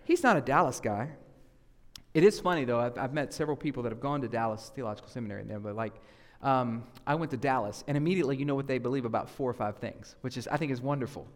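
A man with a Southern US accent preaching a sermon as a guest preacher, conversational and animated, acting out voices he quotes. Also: medium pitch, rapid-fire. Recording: echoey hall reverb.

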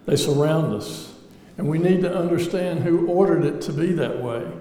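In an echoey hall with faint ambience, a lay speaker stands before a large audience and gives an earnest personal testimony. His voice is fairly high and dark in tone, moving at a normal speed. He sounds reflective, with touches of wry humor.

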